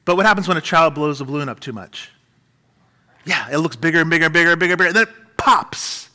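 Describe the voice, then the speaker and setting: Male pastor, bright, slightly high voice, animated sermon delivery. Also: quick pace. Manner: animated preaching, dramatic shifts in pitch and volume.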